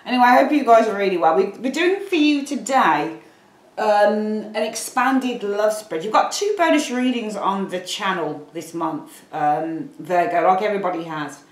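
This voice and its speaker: A woman's voice: medium pitch, animated, moderate pace, roomy sound, rough recording. A woman from Birmingham with a Birmingham accent, giving a casual, rambling tarot reading to camera with apologetic asides. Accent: Birmingham English. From Birmingham, England. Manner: chatty, rambling, apologetic asides, calls viewers darlings. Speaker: tarot reader. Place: room at home, at a table.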